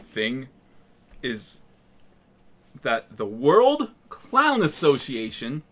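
A man co-hosting a casual horror movie podcast, relaxed and recounting facts he looked up, with frequent fillers. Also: medium pitch, very slow. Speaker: podcast co-host presenting research. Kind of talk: casual chat.

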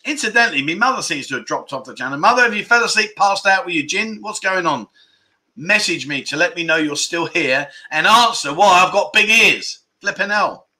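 A man's voice: high-pitched, lively intonation, brisk, sharp tone. A middle-aged man hosting a casual livestream, reading out viewer comments with jokes and frequent laughter. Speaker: livestream host.

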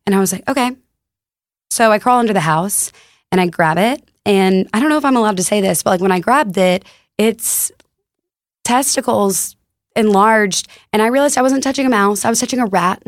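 A young woman from Texas who co-founded a store swaps casual stories as a podcast guest, laughing often and leaning on "like" as a filler. Her medium-pitched voice comes through studio-quality with no echo.

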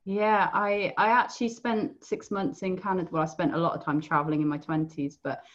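A woman with a British accent, answering interview questions in a soft, reflective way. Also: on the low side, fairly even intonation, a little fast, dull audio. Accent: British English. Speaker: podcast guest, equine coach. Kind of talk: conversational interview.

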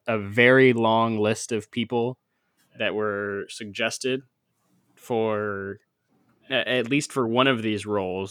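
A man's voice: on the low side, a bit bright, no echo, studio quality. A man hosting a casual movie podcast, laid-back and jokey, swearing freely. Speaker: podcast host. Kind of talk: casual chat.

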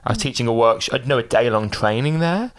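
Man, podcast co-host, casual chat, jokey, mid-pitched voice. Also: lively intonation, a little fast. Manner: chatty, jokey storyteller.

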